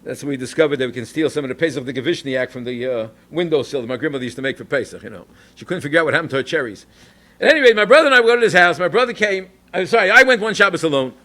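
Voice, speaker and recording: Racing along at a fairly high pitch, this man, a New York rabbi and educator, tells a lively personal anecdote during a Torah talk, dropping in Hebrew and Yiddish expressions.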